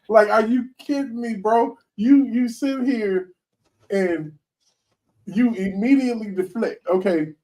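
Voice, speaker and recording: A man hosting a casual commentary show, talking in an animated, slangy way and laughing often. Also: high voice, slow pace, pauses often, recorded from a distance, rough recording. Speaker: host.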